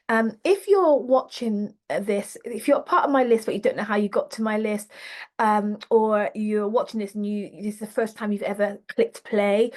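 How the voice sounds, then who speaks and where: A woman leadership coach talking unscripted to camera in a reflective, earnest way, full of fillers and restarts, leaning slowly on feeling words. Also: mid-range voice, darkish tone. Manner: rambling with many fillers and restarts.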